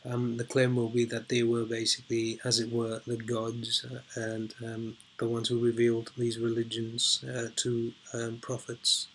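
A man giving unscripted commentary as he reads an article aloud, hesitant and filling pauses with ums and uhs, repeating points for emphasis. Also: mid-range voice, completely flat delivery, a bit bright, a little hiss or hum. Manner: emphatic repetition for stress. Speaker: video blogger.

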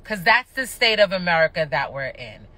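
A woman's voice: lowish voice, sing-song, normal speed, bright, forceful tone. A woman ranting on a livestream, passionate, annoyed and cursing, talking indoors at home into a phone. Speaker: reality TV personality going live. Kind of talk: livestream rant.

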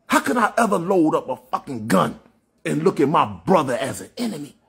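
Raspy, fervent man preaching on a livestream. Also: fairly high pitch, big pitch swings, fairly quick, a bit bright. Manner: fervent, preachy, repetitive, with frequent profanity. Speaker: livestream host. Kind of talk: impassioned spiritual monologue on a livestream.

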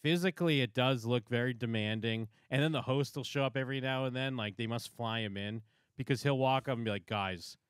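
A man's voice: medium pitch, fairly quick, smooth, no echo, studio quality. A man co-hosting a podcast, casually recapping a reality show and acting out what the contestants say. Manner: animated storytelling, acts out quotes. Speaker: podcast co-host. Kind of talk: casual chat.

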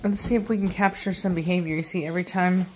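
A woman's voice: lowish voice, fairly even intonation, quick pace. A woman hosting a casual vlog about her puppies, chatting and slipping into cooing baby talk at them. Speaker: dog breeder and channel host.

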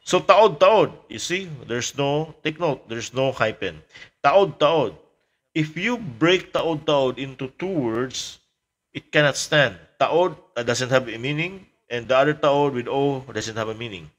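Male language teacher, mid-pitched voice, casual lecture pace, repeats words as he explains. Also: lively intonation. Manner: explains slowly with fillers, repeats example words.

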